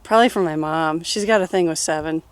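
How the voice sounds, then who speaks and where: A woman in her thirties answering personal questions in a relaxed, rambling way, full of fillers and laughs. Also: low-pitched, fast, smooth, no room sound. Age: 30s. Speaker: interviewee. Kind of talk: casual personal Q&A.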